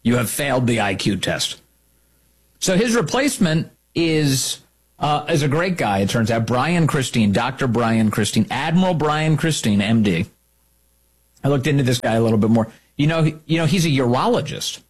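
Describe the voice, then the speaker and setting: A man's voice: mid-range voice, lively intonation, normal speed, husky. A man hosting a talk show, delivering an emphatic, opinionated monologue and repeating key lines for effect.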